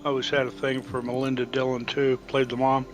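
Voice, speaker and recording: A man with a mid-range voice chats casually and easily. He keeps his replies short and relaxed. Faint music plays underneath. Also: medium pitch, brisk, rough recording. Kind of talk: casual chat.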